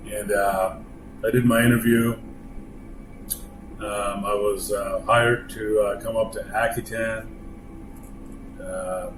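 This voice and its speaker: Man, low register, halting plainspoken storyteller; echoey room with loud air-conditioning hum. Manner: plainspoken, halting with frequent pauses. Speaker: longtime company employee sharing stories. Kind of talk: casual storytelling.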